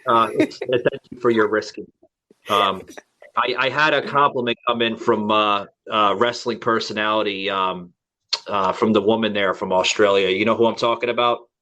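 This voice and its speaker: A man's voice: lowish voice, steady tone, normal speed, pushed and bright. A man with an American accent hosting a podcast in casual chat, rambling with lots of fillers and restarts. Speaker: podcast host.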